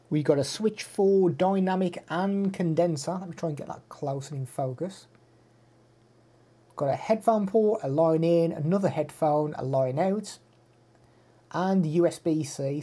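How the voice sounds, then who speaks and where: Mellow, husky-voiced male streamer. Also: fairly high pitch. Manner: chatty, laughs easily, talks to chat. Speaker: streamer reviewing gear. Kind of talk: casual live-stream chat.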